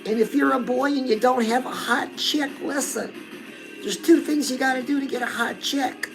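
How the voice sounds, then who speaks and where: A woman's voice: sits high, normal speed, music in the background, rough recording. A middle-aged woman hosting a casual livestream chat, coaching her viewers and calling them "girl". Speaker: host.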